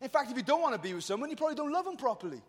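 High-voiced youth preacher in a hall. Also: male voice, sing-song, rapid-fire, husky. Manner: passionate and colloquial, addressing the crowd. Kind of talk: lively youth sermon. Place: large hall at a youth event. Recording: long hall reverb.

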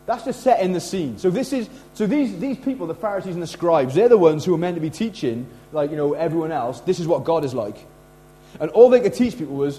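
A middle-aged man preaching a sermon in a casual, animated way, slipping into acted quotes. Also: high-pitched, a little fast, low-quality recording. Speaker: pastor.

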